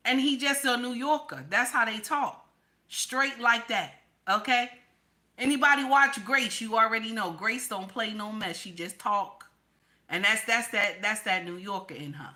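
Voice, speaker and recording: Speaking straight to her viewers in a bright, forceful, fairly high voice, this online commentator from the New York / New Jersey area makes a casual political vlog on a rough recording. She's blunt and emphatic, hammering points home by repeating them.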